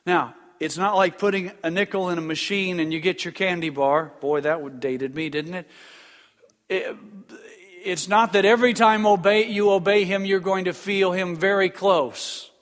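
A man's voice: high-pitched, normal speed, a bit bright, long reverb tail. An older man preaching an earnest sermon as pastor, with small restarts and asides.

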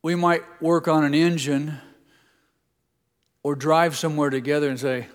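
A man's voice: fairly high pitch, steady tone, measured pace. Older man, pastor, folksy sermon, teasing storyteller, long hall reverb. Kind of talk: sermon with folksy family stories.

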